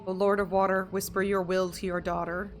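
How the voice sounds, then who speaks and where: A woman's voice: medium pitch, little pitch movement, lightly acted. A woman reading as a solemn young witch. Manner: slow, solemn incantation. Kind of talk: reading game dialogue aloud. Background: game music.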